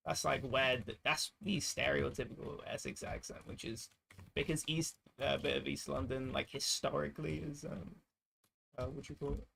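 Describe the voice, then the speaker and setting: A man's voice: medium pitch, steady tone, normal speed, vocal fry, a bit bright, slight background noise. A man chatting casually on a livestream, teasing his co-host and laughing often. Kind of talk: casual chat.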